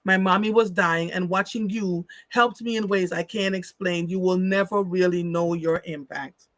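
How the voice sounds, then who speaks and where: A woman in her fifties hosting a live show, reading chat comments and telling a heartfelt personal story in a casual, lively way. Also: fairly low pitch, normal speed, no echo. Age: 50s.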